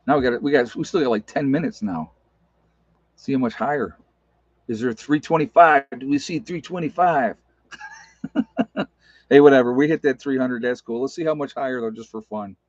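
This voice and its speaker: A man's voice: medium pitch, no room sound. A man hosting a livestream, rambling casually and answering viewer comments as he goes. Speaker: livestream host. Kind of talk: casual livestream talk with chat. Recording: dull lo-fi stream audio.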